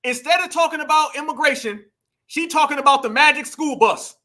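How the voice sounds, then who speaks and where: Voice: sits high, fairly quick, sharp tone. A host giving heated, exclamatory commentary and calling the viewers family and y'all.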